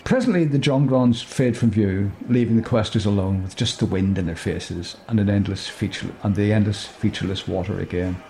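A man's voice: on the low side, a little fast, hardly any pauses, mellow, a little hiss or hum. A man narrating a comic story, chuckling, breaking off to joke and correct himself.

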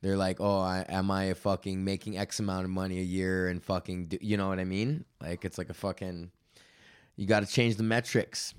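A man's voice: sits low, little pitch movement, a little fast, clean tone, dry recording, clean studio sound. Laid-back profane young man ranting. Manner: profane, rambling, laughs often. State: low energy. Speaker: podcast host. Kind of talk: casual solo podcast rant. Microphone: studio podcast mic.

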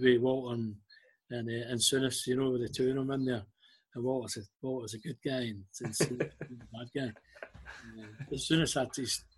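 An older Scottish man spins old workplace stories in a relaxed, chatty way. His voice has a husky, slightly rough edge, and he slips into the voices of the people he quotes. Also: medium pitch. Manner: anecdotal, acts out quoted dialogue. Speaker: guest, former club liaison officer. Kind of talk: casual storytelling interview.

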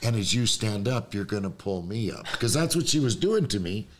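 A man's voice: lowish voice, moderate pace, a little hiss or hum. A man telling a personal story as a podcast guest, acting out the voices of the people in it. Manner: animated storyteller, acts out quoted voices. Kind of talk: storytelling in casual chat.

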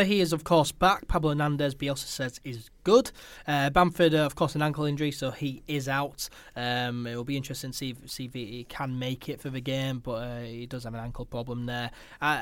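Host, man, mid-pitched, halting delivery full of "uh"s, dry close sound. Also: dry recording. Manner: hesitant, many filler "uh"s. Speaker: podcast host. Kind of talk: football fan podcast chat.

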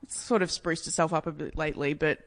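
A woman's voice: deep voice, fairly even intonation, fast talker. A woman, telling a rambling story in casual chat, often correcting herself. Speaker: comedian and comedy room organiser.

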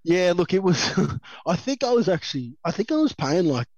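A man's voice: high-pitched, big pitch swings, normal speed, darkish tone, dry recording, lo-fi sound. An Australian man in his thirties, a former rugby league player telling rambling stories in an interview, chatty and laughing often. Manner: rambling, chatty storyteller who laughs often, lots of "you know" and "um". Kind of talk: relaxed anecdotal interview.

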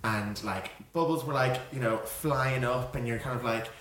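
A young man in his twenties, a podcast co-host, telling an animated story in casual chat, often laughing and acting out quotes. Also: medium pitch, moderate pace. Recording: echoey room with faint noise.

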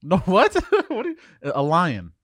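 A man telling a childhood story on a podcast, halting often with fillers and restarts. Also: high voice, huge pitch swings, fairly bright tone, dry recording. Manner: halting, many fillers and restarts, laughs off teasing. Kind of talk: casual storytelling.

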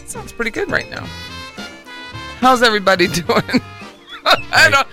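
A woman's voice: a little high, big pitch swings, measured pace, pushed and bright, faint music behind. A woman with a Philadelphia accent hosting a radio talk show, speaking in a casual, emphatic way and hammering home key words. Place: radio studio.

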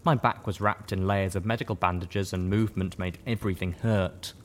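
A man giving a first-person audiobook narration with steady storytelling. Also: low-pitched, fairly quick, a little hiss or hum.

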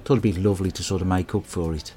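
A man delivers a crude, deadpan and rambling comic monologue. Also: sits low, fast talker, faint music behind.

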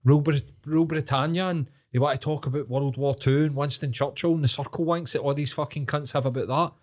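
A man in his thirties with a Glasgow accent, co-hosting a podcast in casual chat, animated and swearing constantly. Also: fairly high pitch, quick pace. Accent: Scottish, Glasgow. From Scotland. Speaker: podcast co-host.

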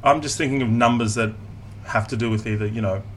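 A man's voice: medium pitch, fairly even intonation, fast talker, slight background noise. A man, a stage actor, giving brief easy replies in casual chat.

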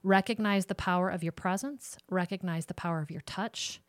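Woman counselor, smooth lowish voice, direct casual talk to parents. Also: brisk, dry recording. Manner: warm, direct, talks straight to moms. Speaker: ministry counselor and host.

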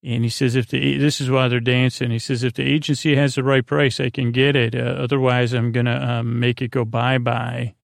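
A man hosting a sleep podcast, retelling an episode in a meandering, hesitant way with many pauses and restarts. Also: mid-range voice, little pitch movement, creaky, dry recording, studio quality. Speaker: podcast host.

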